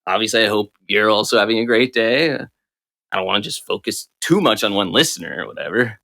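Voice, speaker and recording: A man's voice: fairly low pitch, expressive, quick pace, vocal fry, sharp tone. A man co-hosting a podcast in casual comedic chat, joking around and slipping into mock-formal phrasing. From United States. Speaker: podcast co-host.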